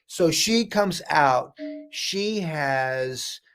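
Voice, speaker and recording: A middle-aged man from the United States, a guest telling an animated story and acting out the voices of the people in it. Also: fairly high pitch, very slow, clean tone. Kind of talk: storytelling interview.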